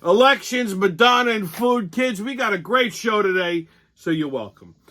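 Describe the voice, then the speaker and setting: A man's voice: high voice, animated, normal speed, pushed and bright, slight background noise. A man hosting a weekly show, delivering a profane, sarcastic comedic news rant. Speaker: host.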